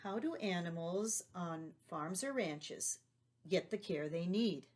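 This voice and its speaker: A woman's voice: lowish voice, takes it slowly, a little mellow. A woman teaching a remote lesson to young children, patient and leading them along with tag questions.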